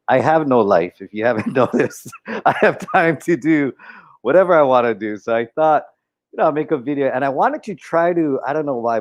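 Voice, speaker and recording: A man's voice: medium pitch, lo-fi sound. A man co-hosting a casual live stream, joking and teasing, laughing often. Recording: roomy echo with faint music.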